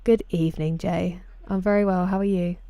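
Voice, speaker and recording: Low, mellow Sussex woman streaming. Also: steady tone, normal speed, smooth, no room sound. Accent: Sussex English. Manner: chatty, greets viewers by name. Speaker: game streamer. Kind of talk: casual live-stream chat.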